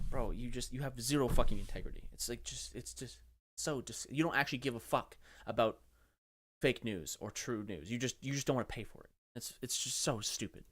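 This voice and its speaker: A man's voice: mid-range voice, fairly quick, a bit bright. A young man from Canada giving casual, profane, exasperated commentary as a streamer reacting to political clips, with frequent restarts.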